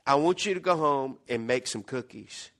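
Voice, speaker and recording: A man acting out a calm, patient older pastor giving quiet, measured advice. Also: medium pitch, voice pushed down.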